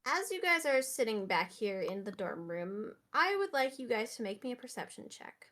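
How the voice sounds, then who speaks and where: A woman with a fairly high voice runs a tabletop game as game master. She narrates casually and fills her talk with "um" and "like". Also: sing-song, moderate pace, fairly bright tone. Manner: casual, friendly, with many fillers.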